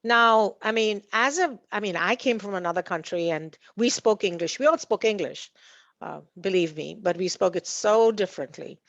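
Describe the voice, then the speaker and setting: This woman's mid-range voice moves at a moderate pace and sounds a bit bright, though the recording is dull and dry with no room sound. On a community meeting panel, she hesitantly talks through her ideas conversationally, restarting often, using many fillers and chuckling at her own stories.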